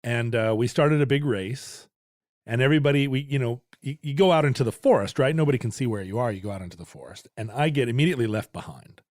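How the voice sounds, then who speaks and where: A man's voice: mid-range voice, animated, quick pace, darkish tone, dry recording, clean studio sound. A man from Alaska, co-hosting a podcast and telling rambling, self-deprecating stories in casual chat. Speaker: podcast co-host.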